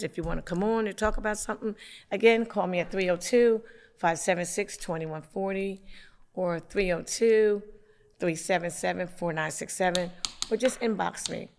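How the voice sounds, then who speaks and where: A councilwoman from hosting a local community TV show, with the hiccups, making announcements in a halting way with many fillers. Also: lowish voice, vocal fry. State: has the hiccups.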